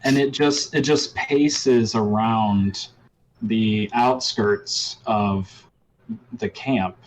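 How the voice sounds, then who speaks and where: A man narrating as game master of a tabletop game, halting and restarting often. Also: lowish voice, steady tone, poor audio.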